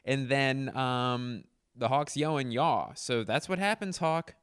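Joking young man with a smooth voice. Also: mid-range voice, animated, unhurried, a bit bright, no echo. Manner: joking, self-mocking, rambling asides. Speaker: creator reading his childhood writing. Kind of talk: casual commentary.

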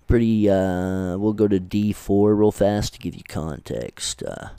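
Rambling low-voiced man reading legal text. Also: unhurried, mellow, clear, resonant tone, no room sound. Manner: rambling with many fillers and restarts; swears casually. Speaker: podcast host. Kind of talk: casual commentary, reading legal text aloud.

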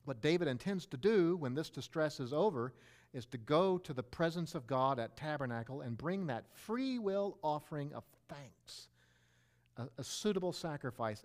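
A male pastor giving a sermon, explaining with everyday examples and rhetorical questions, shifting his pitch and pace for emphasis.

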